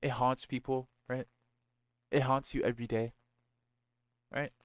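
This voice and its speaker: Brief: male host, casual motivational monologue, blunt and profane, smooth clear voice, dry close sound. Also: medium pitch, flat delivery, a little slow, no room sound. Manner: blunt, profane, slangy, rhetorical "right?".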